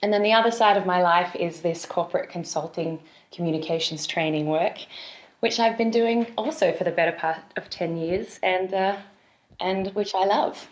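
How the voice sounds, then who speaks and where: A woman with a softened Australian accent, a communications trainer and stage actor, explaining her ideas articulately in a podcast interview. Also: fairly low pitch, moderate pace. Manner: articulate, expressive, fluent explainer. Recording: roomy echo.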